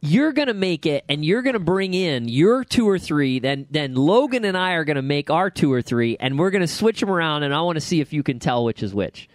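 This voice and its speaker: A man's voice: on the high side, animated, brisk, hardly any pauses, no echo, studio quality. A man hosting a podcast, talking in a casual, rambling, joking way. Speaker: podcast host.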